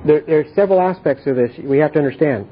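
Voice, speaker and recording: A fast-talking man with a fairly high, breathy-edged voice teaches the Bible informally. His explaining is earnest and repetitive, with frequent checks that people understand, and the sound has a tinny, phone-like quality.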